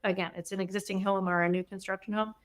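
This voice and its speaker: A middle-aged woman, a remodeling guest on a podcast, chatting in a lively, talkative way. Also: mid-range voice, quick pace. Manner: chatty, animated, laughs easily. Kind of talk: casual interview chat.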